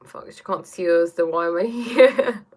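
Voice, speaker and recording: A woman's voice: fairly low pitch, moderate pace, a little mellow. A woman hosting a casual live stream from her bedroom, reading chat aloud and musing reflectively, often checking in with "right?" and "you know?". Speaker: livestream host reading chat.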